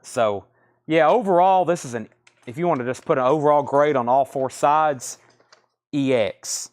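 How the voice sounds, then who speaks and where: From a record store, this Southern US man works through a live-stream record sale, listing titles, grades, and prices and thinking out loud in a sales patter. His voice is a little high with a darkish tone, at a moderate pace.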